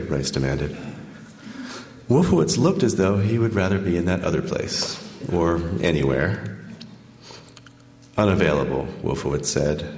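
A man, an author, reading from his book and then taking questions, measured when reading and full of fillers when answering. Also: low voice, gravelly, a little mellow. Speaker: author giving a talk. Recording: echoey hall, long reverb.

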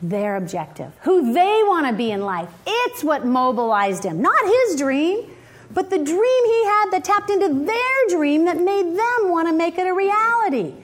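A woman's voice: very high-pitched, unhurried. A middle-aged woman giving a motivational leadership talk, telling stories animatedly and asking the audience questions. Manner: animated storytelling with laughs and acted quotes. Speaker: leadership speaker.

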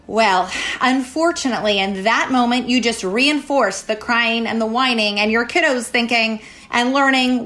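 Emphatic higher-voiced woman giving parenting advice. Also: normal speed. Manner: energetic, emphatic, repeats key phrases. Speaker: parenting educator guest. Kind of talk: advice talk.

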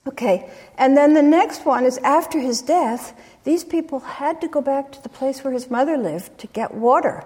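A woman giving an academic lecture, retelling field stories and quoting people with lively inflection. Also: sits high, normal speed. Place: lecture hall. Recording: lecture hall reverb.

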